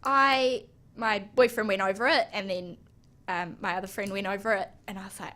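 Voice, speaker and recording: A young woman from New Zealand, a guest on an interview podcast, telling her story casually and animatedly with many ums and restarts. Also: mid-range voice. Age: young adult. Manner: animated, halting with fillers. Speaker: guest, snowboarder.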